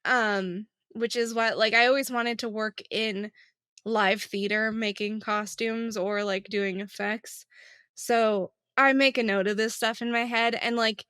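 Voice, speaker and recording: A young woman co-hosts a casual podcast, chatty and teasing. Her voice sits a little high and is recorded dry and close. She laughs often as she talks. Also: fairly even intonation, a little slow, fairly bright tone, clear, resonant tone, dry recording. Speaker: podcast co-host. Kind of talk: casual chat.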